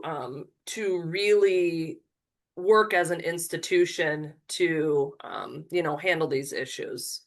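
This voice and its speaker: A woman presenting at an online educators' conference, speaking earnestly and thinking aloud with frequent "you know" fillers, heard through a video call mic. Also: fairly low pitch.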